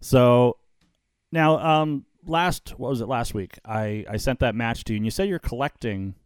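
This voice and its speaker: A man's voice: medium pitch, a little slow, clean tone, no room sound, studio quality. A man hosting a podcast, telling stories in a rambling way with many restarts and fillers. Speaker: podcast host. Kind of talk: casual podcast chat.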